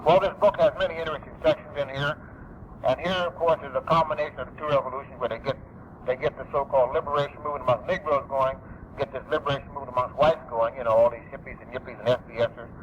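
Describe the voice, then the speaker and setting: A man delivers a public speech in an emphatic, insistent way, hammering his key phrases again and again. His voice sits at an ordinary middle pitch. The tape is dull and lo-fi, with a faint hiss of noise underneath. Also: fairly even intonation, fast talker. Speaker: public speaker.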